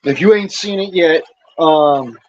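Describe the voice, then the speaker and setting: Speaking a bit slowly in a slightly high voice, captured with dull audio, an injured veteran who's downed a couple of beers rants into his cell phone. It's an angry vlog full of profanity, and he stumbles over himself each time he starts again.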